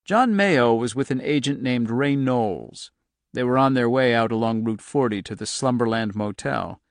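A man reading a novel aloud in steady scripted narration. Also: medium pitch, moderate pace, dry recording, clean studio sound. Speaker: audiobook narrator.

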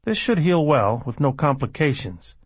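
A man playing a brisk, detached former doctor with a husky, slightly raised voice. He lays out facts without comfort, precise and unsentimental, and sounds close and dry. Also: medium pitch, big pitch swings, dry recording. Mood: clinical. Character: cool, clinical male ex-doctor, curt.

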